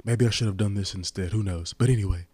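A man's voice: on the low side, fast talker, darkish tone, slightly rough, no echo. A man putting on a rambling, boastful president impression in a podcast chat. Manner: bragging, repetitive, pompous.

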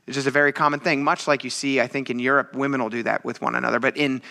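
Bright-voiced casual male preacher. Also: mid-range voice, fairly even intonation, very fast, creaky. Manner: casual, joking preaching with acted quotes. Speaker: pastor. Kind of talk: sermon.

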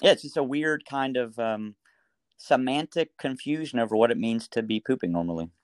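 A middle-aged man, a doctor talking through a story and advice in a casual interview, animated, with frequent restarts. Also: mid-range voice, normal speed, no echo. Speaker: pediatric doctor guest.

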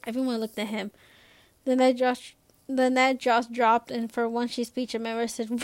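A woman's voice: on the high side, level tone, moderate pace. A young woman reading a novel aloud in a casual way, stumbling now and then. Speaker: reader.

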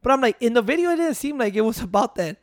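A man's voice: very high voice, lively intonation, fast talker, dry recording, clean studio sound. A man telling a story in casual chat, rambling and swearing with street slang.

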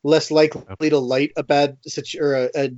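Male co-host, higher register, teasing and jokey, dull dry home recording. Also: little pitch movement, darkish tone. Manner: teasing, quick to jab and laugh. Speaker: podcast co-host. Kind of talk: casual chat.

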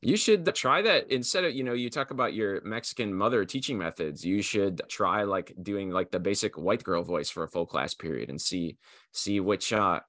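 Teasing low-voiced man co-host. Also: expressive, a bit bright. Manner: teasing, quick jokes. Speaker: podcast co-host. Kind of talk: casual chat.

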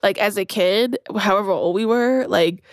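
A young woman steers a podcast conversation, bringing up each new topic in a relaxed and chatty manner. Her voice is at a middle pitch and recorded dry and close. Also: normal speed, clean tone, no echo. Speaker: podcast co-host. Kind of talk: casual chat.

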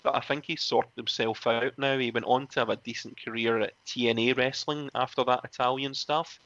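A man, a former wrestling referee, telling animated stories in a casual interview, often laughing and acting out other people's lines. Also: mid-range voice, a little fast, no echo, lo-fi sound. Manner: animated, laughs often, acts out quoted voices.

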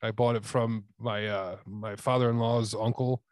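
A man's voice: on the low side, fairly even intonation, normal speed, darkish tone, clean tone, no room sound, studio quality. A man as a podcast guest in casual chat, laid-back and profane, speaking with enthusiasm.

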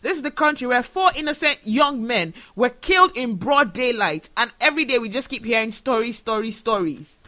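Earnest man, high bright voice. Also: animated, moderate pace, hardly any pauses. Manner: earnest and emotional. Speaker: show host. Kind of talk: solo podcast commentary.

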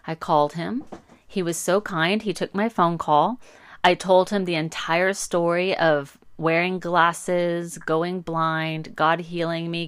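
A middle-aged woman tells a faith testimony with earnest passion, her voice sitting on the low side. The sound is dry and close, with no room echo. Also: a bit bright. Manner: earnest, impassioned storytelling. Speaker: podcast host. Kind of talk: faith talk with personal testimony.

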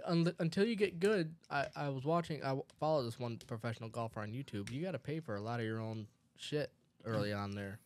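A man's voice: mid-range voice, fairly quick. A man co-hosting a casual podcast, with loose, swearing banter. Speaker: podcast co-host. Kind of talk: casual chat.

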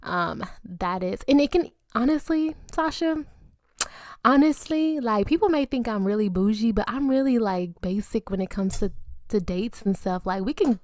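A woman's voice: a little high, animated, normal speed, darkish tone, no echo. Young woman on a podcast, joking around and laughing a lot, dry close mic. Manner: playful, laughs often, slangy. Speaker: podcast co-host. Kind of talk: casual podcast chat.

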